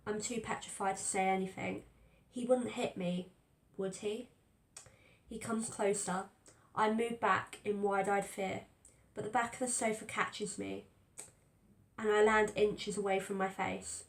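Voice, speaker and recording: A woman reads a first-person story aloud, telling it in a tense, fearful way. Her voice is gravelly with a narrow, flat pitch. The recording carries a roomy echo. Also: measured pace, pauses often. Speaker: audiobook reader. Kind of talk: first-person dramatic fiction narration.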